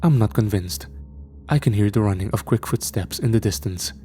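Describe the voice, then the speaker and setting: Dark-voiced man narrating a horror story. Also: fairly low pitch, moderate pace.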